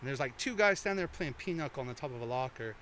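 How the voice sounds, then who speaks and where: On a podcast, a male guest with a medium-pitched, animated, slightly bright voice rattles off long, profane anecdotes at rapid-fire speed, slipping into quoted voices. It's casual storytelling, recorded on headphones and a studio mic with slight background noise.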